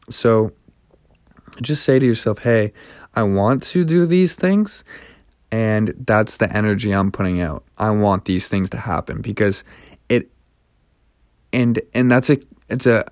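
A man's voice: fairly low pitch, a little slow, pauses often, darkish tone, no room sound, clean studio sound. A young man hosting his own podcast, speaking earnestly and encouragingly in a reflective personal monologue. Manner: earnest and encouraging, with many restarts. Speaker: podcast host.

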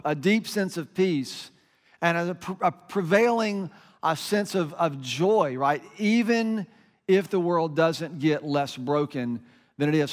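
A man's voice: sits high, fairly bright tone, in a large hall. A middle-aged man, a pastor, giving a conversational sermon with self-deprecating stories and lots of fillers.

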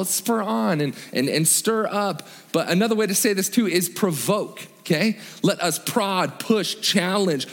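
A man's voice: mid-range voice, long reverb tail. A man preaching a sermon in a church, earnest and emphatic, repeating key phrases with many fillers and restarts. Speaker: pastor.

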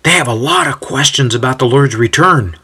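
A man voicing a weary older male apostle with a dry, deadpan humor. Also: medium pitch, a little fast, husky, full character voice. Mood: wry.

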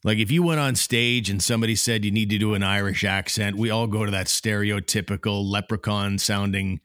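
A man's voice: fairly low pitch, steady tone, fairly quick, fairly bright tone, no room sound, clean studio sound. A man hosting a casual sports podcast, talking in an easygoing way with many fillers. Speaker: podcast host.

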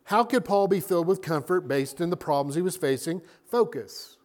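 A man preaching a sermon as a pastor, animated and acting out little scenes. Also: a little high, moderate pace.

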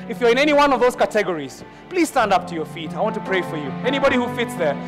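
A man's voice: high voice, sing-song, racing, in a large hall, music in the background. A man preaching a sermon to a church congregation, telling a personal story and building into fervent prayer. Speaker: pastor.

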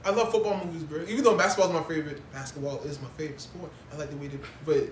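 Guy cohosting a podcast, rapid and all over the place, slangy, kinda echoey room. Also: on the high side, slight background noise. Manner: animated, slangy, breaks into movie impressions. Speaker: podcast co-host. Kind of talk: casual chat. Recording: echoey room with faint ambience.

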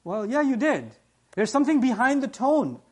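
A man's voice: extremely high pitch, very animated, normal speed, a little mellow, slightly rough. A man giving a nightly sermon, telling the story with animation, acting out the dialogue and explaining what words mean. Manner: explains word meanings in detail. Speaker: preacher.

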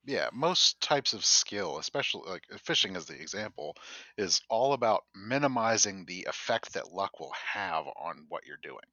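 Lively low-voiced man, dull lo-fi sound. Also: moderate pace, no room sound. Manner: chiming in with agreeing, explaining remarks. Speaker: podcast co-host. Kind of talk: casual chat.

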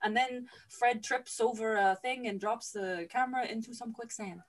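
Higher-pitched female host, giggly comic storyteller who swears casually. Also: steady tone, normal speed. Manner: chatty, laughs often, swears casually. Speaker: podcast host. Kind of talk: comedic movie recap.

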